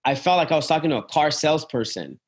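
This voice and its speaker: A man's voice: fairly high pitch, lively intonation, fast talker, husky. A travel business owner talking casually about his company, with frequent fillers, restarts and "man". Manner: rambling, many fillers and restarts; uses "man" and "dude" often.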